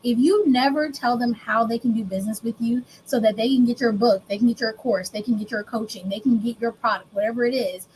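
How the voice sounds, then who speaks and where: A woman business coach giving a workshop presentation, conversational and animated, often acting out dialogue with her clients. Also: fairly high pitch, brisk, few pauses, slight background noise, low-quality recording.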